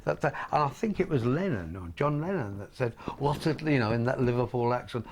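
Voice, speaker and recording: An older English man recalling his pop singing days in casual conversation, telling stories with many pauses and restarts. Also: mid-range voice, animated, a little hiss or hum. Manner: hesitant storytelling with many ums and restarts. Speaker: former pop singer reminiscing.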